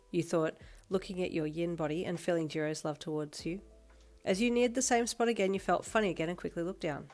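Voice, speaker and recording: A woman's voice: on the low side, fast talker. Australian woman narrating fanfiction. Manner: steady, plain reading, chatty outro. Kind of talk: scripted story narration. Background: faint background music.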